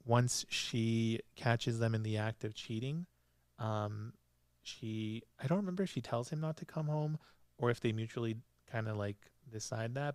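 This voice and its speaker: A man's voice: lowish voice, a little mellow, clean tone, no room sound. A young man hosting a solo podcast, chatting casually and laughing often as he recaps episodes. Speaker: podcast host.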